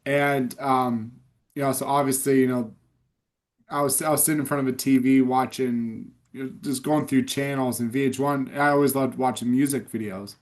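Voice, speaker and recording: A man in his thirties hosting a casual chat, eager, reminiscing and quick with short replies. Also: medium pitch, fairly even intonation. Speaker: podcast host.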